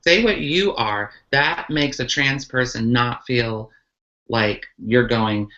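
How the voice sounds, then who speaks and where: A woman's voice: extremely low pitch, slow pace, sharp tone. A woman, a transgender activist, answering questions earnestly in a live online talk, with many ums and restarts. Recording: muffled lo-fi livestream audio.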